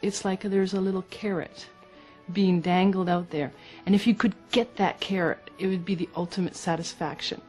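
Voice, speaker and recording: A woman's voice: medium pitch, fairly even intonation, a little mellow, soft background music. A woman in her fifties, interviewed, giving a reflective personal account in a thoughtful, searching way. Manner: thoughtful, slow, searching for words.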